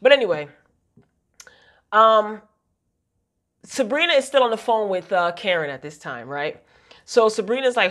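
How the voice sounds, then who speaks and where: A woman's voice: lowish voice, sing-song, normal speed, pauses often, fairly bright tone. Woman vlogger, chatty and opinionated, exasperated recap of a TV show, conversational. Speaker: TV episode reviewer. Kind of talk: casual recap commentary.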